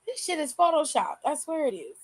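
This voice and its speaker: Woman, high voice, AAVE, casual livestream host, candid and profane, dry room. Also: sing-song, brisk, dry recording. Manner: candid, swears freely, laughs often. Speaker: aftershow host reading chat.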